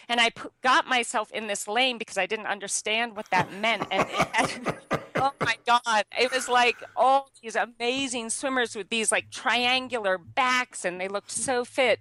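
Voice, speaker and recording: A young adult woman, a guest, telling a personal story in an animated way, laughing often and using many fillers. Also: medium pitch, moderate pace, no echo. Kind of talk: conversational storytelling.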